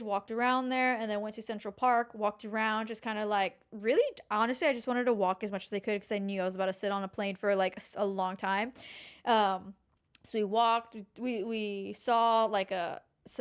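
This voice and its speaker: A young woman co-hosting a podcast in a casual, animated chat, full of filler words. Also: mid-range voice, clean tone. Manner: animated, chatty, heavy use of filler "like". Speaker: podcast co-host.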